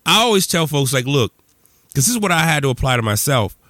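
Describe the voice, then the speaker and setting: A man hosting a podcast who interviews a friend in a casual, animated way, prodding him with questions and often saying "man". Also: mid-range voice, fast, no echo, studio quality. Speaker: podcast host.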